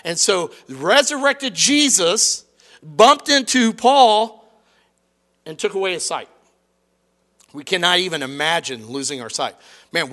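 A middle-aged man preaching a sermon in a conversational, animated way, acting out quoted lines. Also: sits high. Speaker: pastor.

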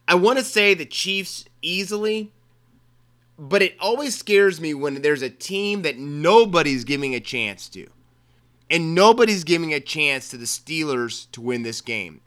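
A man's voice: fairly high pitch, pushed and bright, clear, resonant tone. A man from Maryland hosting a sports show, giving casual football picks with joking asides and repeated phrases. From Maryland, USA. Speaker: sports podcast host.

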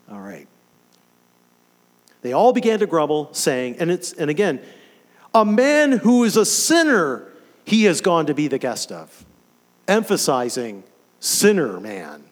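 A man preaching a sermon, animated and emphatic, firing off rhetorical questions to his listeners. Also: fairly high pitch, slow, pauses often, long reverb tail.

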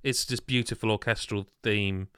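A man with a low, smooth, resonant voice leads a casual podcast panel. He is enthusiastic and firmly opinionated. He often stumbles and restarts his sentences, and the sound is close and dry. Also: steady tone, moderate pace, sharp tone, dry recording. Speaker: podcast host.

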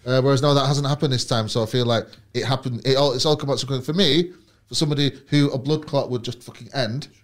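A man's voice: mid-range voice, fairly even intonation, fast. A man in casual chat, rambling with lots of likes and restarts. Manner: rambling, many fillers and restarts.

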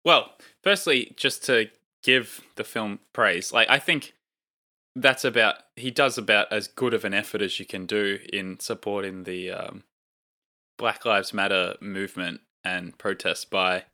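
Bright-voiced man rambling in casual chat. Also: lowish voice, unhurried. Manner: rambling, many fillers. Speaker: podcast co-host.

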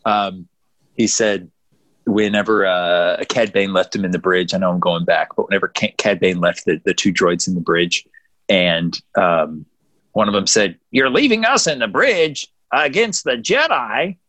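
A man's voice: sits low, little pitch movement, normal speed, a bit bright. A man co-hosting a podcast, chatting casually and often laughing as he acts out quotes. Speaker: podcast co-host. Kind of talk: casual chat.

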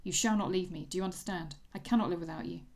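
A woman's voice: fairly low pitch, quick pace, a little mellow, lightly acted. A woman reading as a lovestruck young man. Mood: pleading. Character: young man in love, pleading. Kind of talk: reading a novel aloud.

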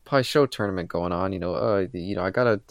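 Co-host, male, deep voice with a gravelly edge, dry close sound, retells scenes with little voiced lines. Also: fast talker, no room sound, muffled recording. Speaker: podcast co-host. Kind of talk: casual chat.

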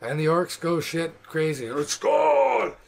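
A man narrating a tabletop game as game master in a loose, profane, energetic way. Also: mid-range voice, a little slow.

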